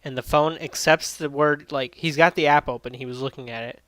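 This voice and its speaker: A man's voice: fairly high pitch, steady tone, a little fast, a bit bright, no echo. A man casually recapping and reviewing an anime episode, rambling with lots of fillers and swearing freely.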